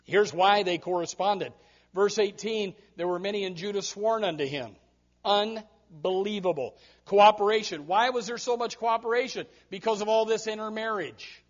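A man preaching a fiery sermon as pastor, dropping to low asides and then rising to loud preaching, with quick repeated restarts. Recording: dull lo-fi recording.

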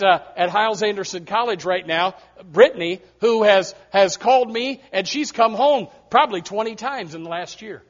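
High-voiced preaching man, dull lo-fi sound. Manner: emphatic preaching that swings from soft asides to loud repeated appeals. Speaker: pastor. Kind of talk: sermon.

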